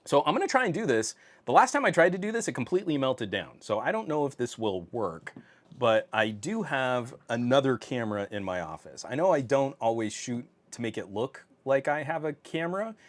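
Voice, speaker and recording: A man's voice: mid-range voice, sing-song, fairly quick. A man hosting a casual tech livestream from his home office, reading viewer comments, laughing often and talking with many fillers. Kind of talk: casual live-stream chat. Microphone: on camera.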